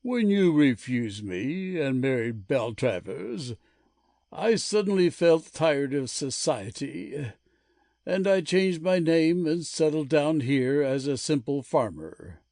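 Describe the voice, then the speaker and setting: An earnest gentleman farmer, as a man plays him, explains himself in a measured way. His voice sits fairly high and moves with lively ups and downs, recorded close and dry. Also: no echo. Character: middle-aged English gentleman turned simple farmer. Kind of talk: amateur full-cast dramatic reading.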